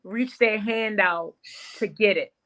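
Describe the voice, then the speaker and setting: Salon-owner guest, woman; bright, lively storyteller. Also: mid-range voice, slow pace. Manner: animated storyteller, calls the host girl. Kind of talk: casual interview chat.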